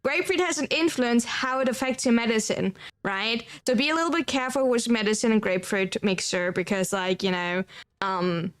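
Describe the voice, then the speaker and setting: A woman's voice: a little high, normal speed, smooth. A woman from Germany with a German accent, streaming and chatting casually, rambling and filling her talk with "like" as she answers chat. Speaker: livestreamer.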